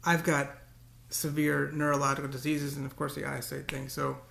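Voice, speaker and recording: A man's voice: on the high side, monotone, moderate pace, creaky, fairly bright tone, echoey room, a little hiss or hum. A man talking to the camera in a casual, rambling monologue, often repeating words and breaking into cursing rants. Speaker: vlogger.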